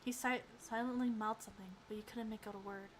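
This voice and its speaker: A woman streamer reading a visual novel aloud and reacting excitedly between calm narration. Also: on the high side, fast talker, slight background noise.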